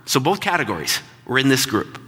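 A man's voice: mid-range voice, huge pitch swings, fairly quick, bright, forceful tone, husky, big-room sound. A middle-aged male pastor telling a personal story in a conversational, reflective sermon. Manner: conversational, reflective, repeats words when emphatic.

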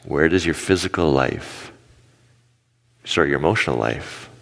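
A low-voiced man in his forties delivers a sermon from a stage, his words trailing off into a long hall reverb. He tells personal stories and acts out the people in them with lively energy. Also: normal speed, vocal fry. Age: 40s. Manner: animated storytelling with acted-out quotes. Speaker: pastor.

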